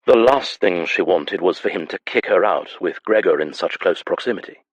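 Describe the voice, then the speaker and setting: A man reading a historical romance audiobook in a measured, even manner. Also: low-pitched, slightly rough, dry recording, muffled recording. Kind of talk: scripted audiobook narration.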